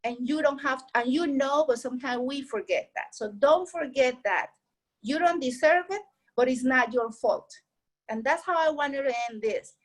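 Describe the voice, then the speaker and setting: Speaking at normal speed in a high-pitched voice, a native Spanish speaker offers earnest, heartfelt advice casually, going over her points again to encourage the listener. The recording quality is low.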